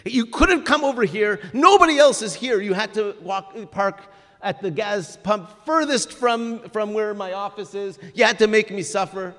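An irate gas station attendant, as a male teacher acts him out, shouting in raised, high-pitched bursts. The voice rises well above a plain speaking tone and rings through a hall with a long reverb tail. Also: brisk, few pauses. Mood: furious. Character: gas station attendant, man, volatile then forgiving.

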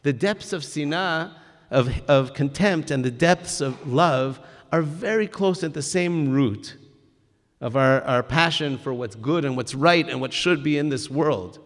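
An earnest man teaching a religious lesson, pressing his points with emphasis and frequent restarts. His voice sits slightly high for a man and echoes with a long reverb tail from a large hall. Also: unhurried. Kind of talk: Torah lesson with stories.

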